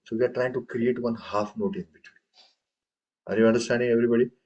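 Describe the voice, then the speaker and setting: A man's voice: mid-range voice, steady tone, quick pace, darkish tone, slight background noise. Guy teaching a class, chants beat syllables, keeps asking if everyone gets it, dull lo-fi sound. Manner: recites rhythm syllables aloud and quizzes the class. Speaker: tabla teacher. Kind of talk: classroom lesson.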